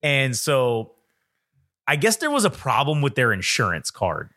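Speaking at a measured pace in a mid-range voice, this young podcast co-host chats casually. He tells stories with animation and performs the voices of the characters in them.

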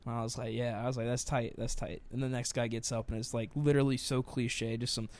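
A young man co-hosting a casual comedy podcast, telling profane, animated stories with sudden loud bursts. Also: mid-range voice, quick pace. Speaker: podcast co-host.

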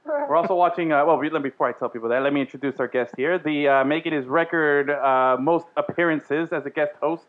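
This podcast host has a fairly high voice and talks quickly, joking, laughing a lot and hyping himself up on a casual sports show. The recording sounds dull and lo-fi.

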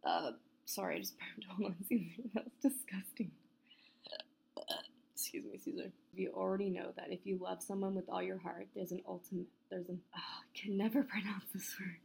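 A woman's voice: mid-range voice, level tone, a little fast, creaky, darkish tone, slight background noise. A woman reading a story aloud unedited, tripping over words, restarting lines, apologizing and swearing casually at a home mic. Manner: casual and swearing, laughs at herself. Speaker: story narrator. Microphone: home mic with headphones bumping it.

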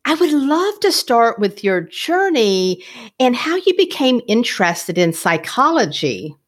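Woman host, animated intonation, curious and friendly questioner. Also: a little high, measured pace. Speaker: interviewer host. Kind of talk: casual interview.

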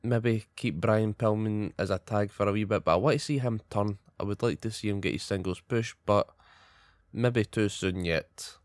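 A man's voice: lowish voice, normal speed, dry recording. A young Scottish man in casual, blunt, sweary podcast chat giving his opinions as co-host.

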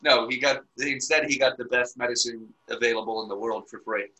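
A man's voice: medium pitch, steady tone, brisk, sharp tone, rough recording. A man chatting casually and crudely with a friend, laughing often as he jokes. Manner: laughs constantly, crude and joking. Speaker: podcast co-host. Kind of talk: casual comedic chat.

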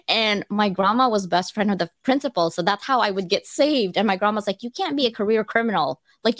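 A middle-aged woman speaking at an online audio event, telling candid personal stories with animation, quick to laugh and close to tears. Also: fairly high pitch, dry recording. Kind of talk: emotional personal storytelling.

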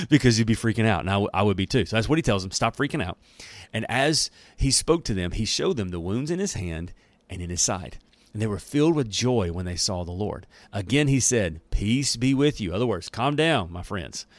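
A man's voice: lowish voice, dry recording. A man leading a daily Bible-reading devotional in an enthusiastic, conversational way, with casual asides and laughs. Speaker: Bible teacher.

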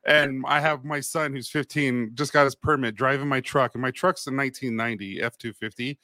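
A middle-aged man co-hosting a podcast, chatting casually and telling animated stories. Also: mid-range voice, a little fast, no echo, clean studio sound. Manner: animated storyteller, laughs easily. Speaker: podcast co-host. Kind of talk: casual chat.

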